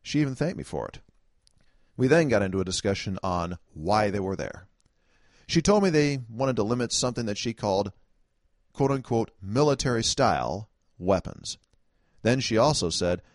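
A man spins a first-person story in a wry, conversational monologue, tossing in chuckling asides. His voice sits a little low yet swings widely in pitch. The sound is dry and close, with no room around it. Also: animated, moderate pace, no room sound. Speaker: political commentator.

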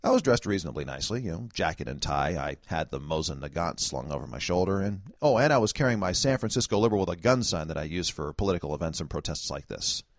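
A man's voice: sits low, very animated, quick pace, few pauses, no echo, studio quality. A man telling a first-person story in a wry, conversational way, with chuckling asides. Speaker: political commentator.

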